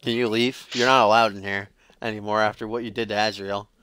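A man's voice: fairly low pitch, level tone, brisk, sharp tone, clean tone, no room sound. A man giving playful mock wrestling commentary over a video game, slipping between announcer patter and crude, jokey banter. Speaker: gaming commentator.

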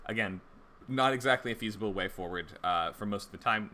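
A man with a fairly low voice and a sharply bright, forceful tone, teaching screenwriting in a casual livestream. He talks loosely, with many fillers and restarts. Faint hiss sits underneath. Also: fairly quick. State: hiccups. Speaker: screenwriting instructor.

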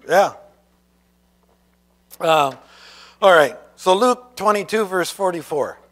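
A man's voice: high-pitched, lively intonation, slow pace, pauses often, fairly bright tone. A male pastor preaching a sermon who reads scripture aloud and asks the congregation questions.

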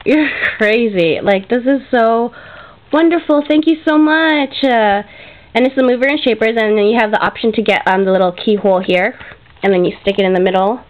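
A woman with a fairly high voice chats through a casual craft vlog, thanking a friend over and over. She talks in gushing runs packed with fillers and sounds emotional, close to tears. The home video sound is dull and lo-fi. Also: fairly even intonation, brisk. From Canada. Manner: gushing, grateful, chatty with many fillers. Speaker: craft vlogger.

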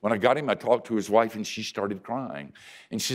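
An older man, a pastor, telling a story in a sermon with dry self-mocking humor, swinging from loud emphasis to hushed quiet. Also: lowish voice, fairly quick.

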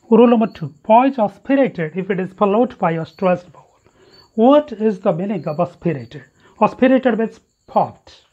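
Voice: mid-range voice, expressive, normal speed. A teacher giving a phonetics lesson, drilling example words one by one and correcting wrong pronunciations. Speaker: English teacher. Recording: dull lo-fi recording.

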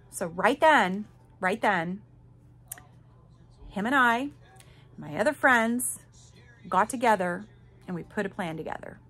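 A woman's voice: mid-range voice, moderate pace, pauses often, fairly bright tone, faint music behind. A middle-aged woman hosting a podcast, telling a personal story candidly and emphatically, talking straight to her listeners and swearing casually. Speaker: podcast host.

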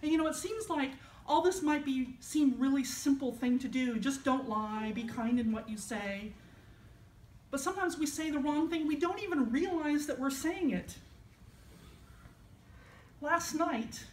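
A woman's voice: a little high, far from the mic, a little hiss or hum. Woman minister preaching in an echoey church. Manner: conversational, storytelling, self-deprecating. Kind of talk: sermon. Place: church sanctuary.

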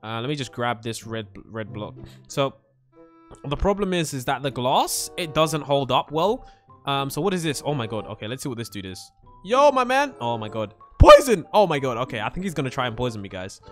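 A young man narrating a Minecraft let's play, excitable, yelping and screaming when startled. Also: medium pitch, brisk, soft background music. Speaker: gaming channel host.

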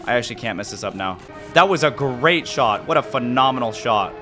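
A man giving casual gameplay commentary, jumpy and excitable, yelping and muttering to himself. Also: mid-range voice, a little fast, music in the background. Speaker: gaming video host.

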